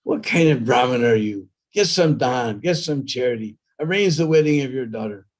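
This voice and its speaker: Man putting on a sharp-tongued wife, nagging, scolding, loud demands. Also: mid-range voice, animated, moderate pace, natural voice.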